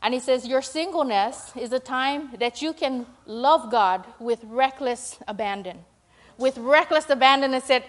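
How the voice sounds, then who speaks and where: A woman's voice: high-pitched, a little slow. A young woman giving an informal church talk over slides, chatty and full of fillers, who acts out her own prayers and laughs at herself. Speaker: speaker at a church gathering.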